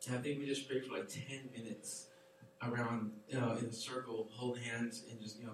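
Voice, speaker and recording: A man, giving a relaxed, conversational sermon full of fillers and hedges as a youth pastor. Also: mid-range voice, slight background noise. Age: 20s. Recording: very echoey hall, voice picked up from far away.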